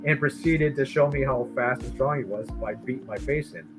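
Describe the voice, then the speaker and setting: Middle-aged male storyteller, mid-pitched, rambling and animated, music bed behind. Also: brisk, poor audio. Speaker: artist streamer telling a story. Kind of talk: casual storytelling chat.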